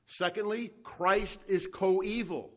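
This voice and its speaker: Emphatic preacher slowing to stress words. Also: male voice, high-pitched, a bit bright. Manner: asks the listeners questions. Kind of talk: expository sermon, Bible teaching.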